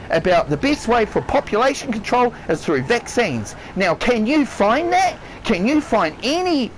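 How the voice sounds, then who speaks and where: A man with a New Zealand accent rants on a live game stream and swears nearly every line. His pitch swings widely as he shouts one moment and drops low the next. He repeats his points again and again. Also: a little hiss or hum, low-quality recording. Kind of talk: heated rant on a live stream.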